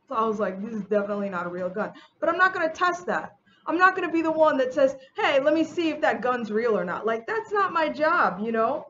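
A woman's voice: high voice, fairly bright tone, highs cut off, slight background noise. A woman telling a personal story to her viewers in a chatty, emphatic way, often turning to them with questions. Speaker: vlogger. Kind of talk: storytelling get-ready-with-me vlog. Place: home.

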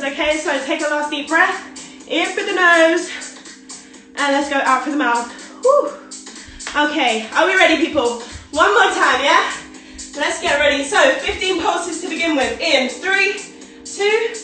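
A woman's voice: high voice, pushed and bright. A young woman fitness instructor leading a live workout, counting reps and cheering people on while short of breath from exercising. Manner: upbeat and encouraging, calls out counts and cues. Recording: very echoey room, mic far off.

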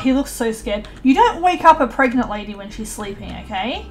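A young woman plays a life-sim game and chats casually throughout, bossing the characters around and laughing a lot. Her slightly high voice has lively intonation and a moderate pace, typical of a let's play gamer's commentary.

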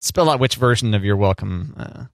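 A man's voice: fairly low pitch, expressive, moderate pace, vocal fry, no room sound. A man co-hosting a podcast, chatting casually with a dry, playful sense of humor. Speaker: podcast co-host. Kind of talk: casual chat.

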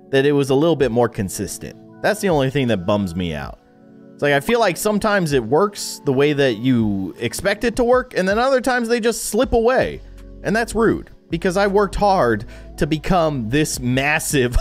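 A young man giving casual, playful commentary on a mobile game, with a sarcastic, joking manner. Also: a little high. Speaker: gaming video host.

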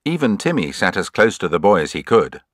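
A man reading scripted storybook narration in an expressive, measured way. His voice sits fairly low yet rises and falls a lot. The sound is dry and close. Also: no room sound.

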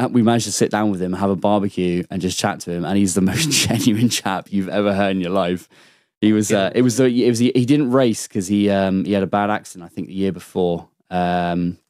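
Guest spot: young man, lowish dry voice, rambling sweary storyteller. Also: a little mellow, dry recording. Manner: rambling anecdotal storytelling, lots of swearing and restarts. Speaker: podcast guest. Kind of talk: casual chat.

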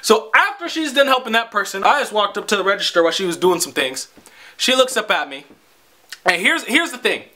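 High, bright-voiced young man ranting. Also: sing-song, fairly quick. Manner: profane, exasperated, rambling. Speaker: vlogger. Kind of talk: casual storytelling rant.

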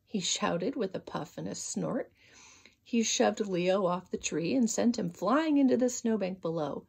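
A woman reading a children's storybook aloud with expressive, sing-song narration. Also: medium pitch, moderate pace, creaky, slightly rough.

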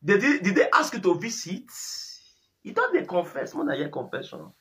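Nigerian man, young, high voice, swooping animated pitch, mocking commentary, laughing and repeating. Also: moderate pace. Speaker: commentator reacting to a video. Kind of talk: mocking commentary in Pidgin and English.

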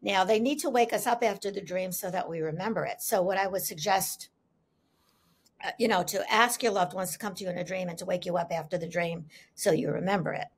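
A woman speaking as an interview guest, telling stories in an animated, emphatic way, repeating her key phrases and acting out the dialogue she quotes. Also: on the low side, a little fast, husky. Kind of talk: conversational storytelling.

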